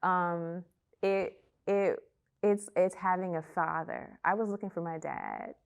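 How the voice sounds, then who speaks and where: Woman, young adult, low pitch, gravelly fry, emotional, halting, personal testimony. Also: very animated. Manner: emotional, halting, repeats herself. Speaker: testimony speaker.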